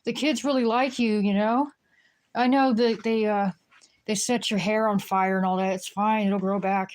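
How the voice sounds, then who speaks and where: A woman's voice: medium pitch, fairly even intonation, moderate pace, darkish tone, natural voice. A woman voicing a wealthy, busy mother who coaxes her nanny not to quit, in a sweet, coaxing manner. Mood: pleading.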